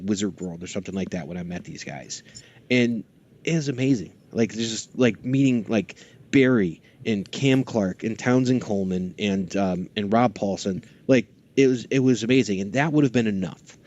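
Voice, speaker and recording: A man's voice: on the low side, darkish tone, dull audio. A man chatting as a podcast guest, telling stories animatedly and slipping into character voices now and then. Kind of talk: casual chat.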